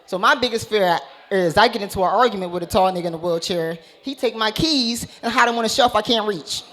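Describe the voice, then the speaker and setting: Male stand-up comic, high voice, brash and profane, live club set. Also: brisk, fairly bright tone. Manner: brash, profane, punchline-driven delivery. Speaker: stand-up comedian. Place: comedy club stage.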